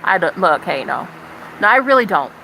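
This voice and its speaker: A woman livestreamer ranting to her chat in casual, profane, animated talk. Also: on the low side, normal speed, creaky, a little hiss or hum, low-quality recording.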